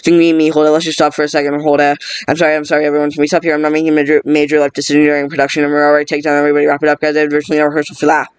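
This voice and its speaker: A man reading a film script aloud, rushing and stumbling over words with restarts. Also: on the high side, monotone, clean tone, dry recording. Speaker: script reader. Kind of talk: fast read-through of a film script.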